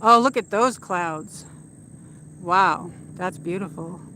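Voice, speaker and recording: Her voice is on the low side and slow, with background noise around it. A woman is hosting a casual livestream as she walks outdoors through a shopping area at dusk, holding her phone and chatting in a meandering way full of fillers.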